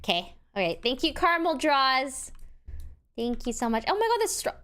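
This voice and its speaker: A woman live streamer in casual chat, with a voice pitched a little above the usual. She is excitable, jumps from loud outbursts to low mumbles, and keeps thanking people warmly. She gets playfully defensive when teased. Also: normal speed, clear, resonant tone. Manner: warm and grateful, thanking people one after another.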